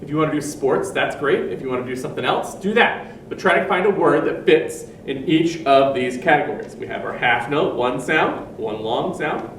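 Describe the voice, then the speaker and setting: A man's voice: a little high, expressive, moderate pace, few pauses, fairly bright tone, far from the mic, slight background noise. Patient male music teacher, echoey room. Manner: patient, explains step by step and chants rhythm syllables. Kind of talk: recorded music lesson for children.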